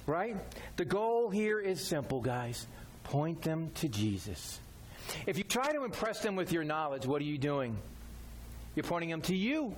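A man's voice: on the high side, big pitch swings, measured pace, a little hiss or hum. A man preaching a sermon as a pastor, talking directly and conversationally, repeating his key phrases.

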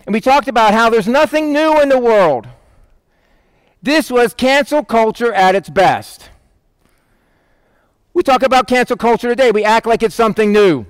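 A man preaching a sermon, telling a Bible story and acting out the quoted voices in a lively, casual way. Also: very high-pitched, moderate pace, clean tone, no echo. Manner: animated, acts out quoted voices. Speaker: pastor.

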